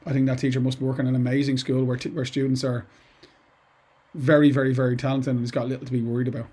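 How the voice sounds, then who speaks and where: The middle-aged English teacher talks fast in a husky, mellow, mid-range voice with a level tone. His informal poetry lesson is loose and chatty, with frequent asides and restarts.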